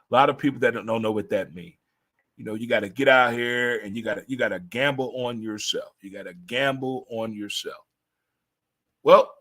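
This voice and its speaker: Guy from st louis ranting on his show, bright forceful voice, swears a lot, gets preachy. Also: mid-range voice. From St. Louis, USA. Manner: animated, swearing, preachy pep talk. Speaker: host. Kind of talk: casual monologue.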